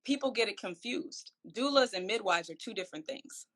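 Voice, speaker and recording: A woman's voice: mid-range voice, expressive, brisk, a bit bright. A woman from Seattle who is an herbalist and doula, a guest on a live online interview, upbeat and direct. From Seattle, Washington.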